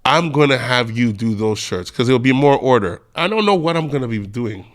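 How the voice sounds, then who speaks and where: A man from Canada, a podcast guest, telling a story in a casual, animated way and acting out the dialogue. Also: medium pitch, moderate pace. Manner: animated, acts out dialogue in voices.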